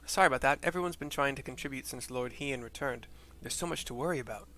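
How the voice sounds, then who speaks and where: A man's voice: mid-range voice, fast talker, bright, forceful tone. A man voicing an earnest young village man who leads local rebels.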